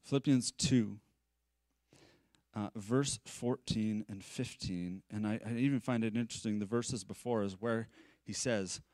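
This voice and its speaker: A man preaching a conversational sermon at a live-streamed church service. He is animated and chatty, with self-deprecating asides. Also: lowish voice, a little slow, no room sound. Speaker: pastor.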